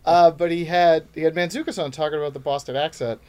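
Guest comic, man, New York-raised, slightly high voice, rambling, drops into quoted voices. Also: steady tone, fast talker, crowd noise. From New York City. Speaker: guest comedian. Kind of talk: casual podcast chat.

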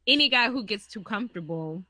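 A woman's voice: mid-range voice, animated, a little fast, sharp tone, dry recording. A woman co-hosting a podcast, joking and laughing a lot in casual chat. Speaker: podcast co-host.

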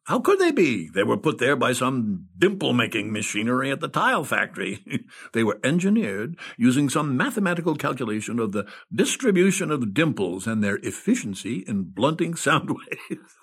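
A man's voice: mid-range voice, a bit bright, breathy edge. A man telling a comic first-person story, giggly and stoned, keeps breaking into laughter.

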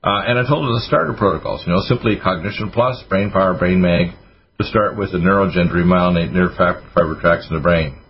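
A man's voice: sits low, fast. A man hosting a radio health talk show, rambling through advice with sarcastic asides. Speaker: radio host doctor. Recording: dull lo-fi radio audio with faint noise.

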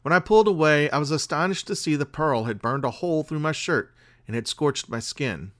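A man hosting a podcast and reading a spooky tale aloud in a measured, dramatic way. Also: fairly high pitch, a bit bright. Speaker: podcast host and story reader. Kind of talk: scripted story narration.

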